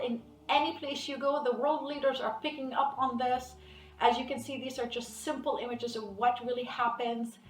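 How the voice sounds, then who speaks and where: A woman's voice: fairly high pitch, far from the mic. A woman hypnotherapist giving an informal video lesson, talking animatedly, acting out client conversations and repeating her key points. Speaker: hypnotherapist teaching a technique. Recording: roomy echo, off-mic, faint music.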